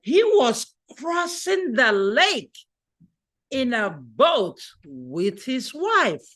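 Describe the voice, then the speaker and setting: A woman telling a children's story during a church worship service, addressing the children directly in an animated, expressive way. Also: high voice, drawn-out words.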